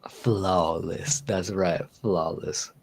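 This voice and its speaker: Guy with a low voice chilling on his stream, rambly, keeps repeating himself. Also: steady tone, drawn-out words. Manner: rambling, laughs easily, repeats words. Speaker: livestream host. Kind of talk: casual chat.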